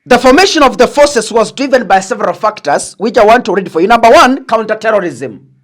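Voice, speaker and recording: A Kenyan woman delivering political commentary in a fairly high, lively voice that rises and falls widely. She speaks deliberately, leaning hard on key words and drawing them out, and drops easily into Swahili asides as she explains. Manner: deliberate, emphatic, mixes in Swahili phrases. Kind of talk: political analysis monologue.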